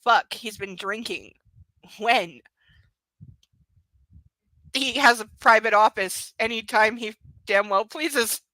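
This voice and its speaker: A woman's voice: a little high, takes it slowly, long pauses, bright, forceful tone, no room sound. A young adult woman doing a live reading of a book, breaking off into mocking, sarcastic commentary. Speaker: reader and commentator.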